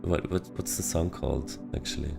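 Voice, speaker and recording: A man's voice: a bass voice, moderate pace, creaky. A man from Switzerland with a Swiss accent, casually commenting on a game he is playing and thinking aloud in a self-mocking way. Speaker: game streamer. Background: game music.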